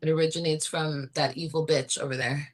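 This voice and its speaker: A woman's voice: low voice, steady tone, a little fast, husky, pitched below the performer's own voice. A woman putting on the voice of a bitter, resentful mother who talks crudely about her ex. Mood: spiteful.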